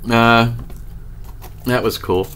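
A man vlogger telling a personal story in a casual, animated way, swearing freely and laughing often. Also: mid-range voice, background noise.

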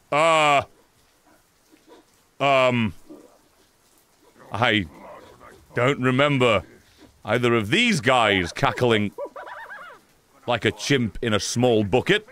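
A man's voice: mid-range voice, expressive, takes it slowly, long pauses, pushed and bright. A man giving sarcastic, mocking live commentary as a streamer playing a video game.

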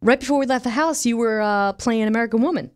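A woman hosting a casual live-stream chat, giggly and halting, with lots of restarts. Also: a little high, darkish tone, dry recording, clean studio sound. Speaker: host.

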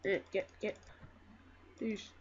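A woman giving casual let's-play commentary on her own game, excitable and trash-talking. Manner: excitable, trash-talking, quick to get frustrated. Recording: loud noise and mouse clicks behind.

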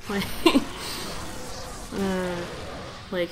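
A woman's voice: medium pitch, normal speed, music in the background, rough recording. Young woman doing casual lets play commentary, rambly, says like a lot, giggles. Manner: rambling, filler-heavy, giggly. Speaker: let's play host.

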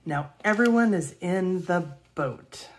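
A woman reading a children's picture book aloud in a gentle, expressive way. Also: lowish voice, slow. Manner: gentle, expressive read-aloud with gasps and soft laughs. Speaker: storybook reader.

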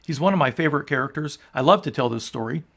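A man's voice: fairly high pitch, animated, fast, creaky, a bit bright. A man pastor giving an earnest, emphatic sermon, reading scripture and teaching with restarts along the way. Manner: frequent restarts and fillers.

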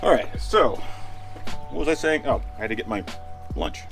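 A man's voice: medium pitch, big pitch swings, moderate pace, gravelly, fairly bright tone. A man chatting casually into a handheld camera as he goes about his day, rambling and interrupting himself. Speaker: vlogger. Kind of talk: casual vlog chat. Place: outdoors, in a car, and in a store. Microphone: handheld action camera. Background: lofi music.

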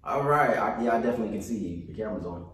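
A man leading a kids' yoga lesson on a video call, hyping the children up, then guiding slow breathing in a soft voice. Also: on the low side, expressive. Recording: echoey room, far from the mic.

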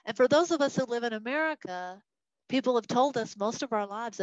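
A woman's voice: a little high, brisk, dry recording, dull audio. A woman teaching a Bible study lesson, talking to a group and acting out the voices of people she quotes. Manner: animated, acts out quoted voices.

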